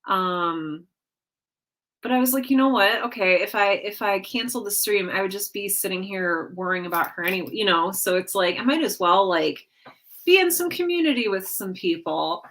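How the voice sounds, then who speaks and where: Here a livestream host speaks in a mid-range, slightly bright, expressive voice at normal speed. Broadcasting weekly from home, she talks casually with her live audience, wandering off topic and often correcting herself between filler words.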